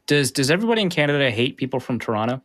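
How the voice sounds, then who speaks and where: A man from Minnesota hosts a casual podcast chat, his voice bright and clear. He talks with a lively, swinging pitch and drops wry, teasing jokes into the conversation. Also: racing. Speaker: podcast host.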